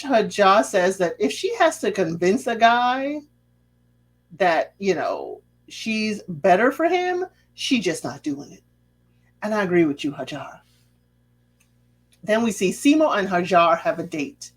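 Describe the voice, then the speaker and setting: Lively, sassy woman recapping a show. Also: medium pitch, unhurried. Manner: sassy, chatty, drops asides and rhetorical questions; acts out quoted lines in a lively voice. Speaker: TV recap host. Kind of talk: casual reality-show recap.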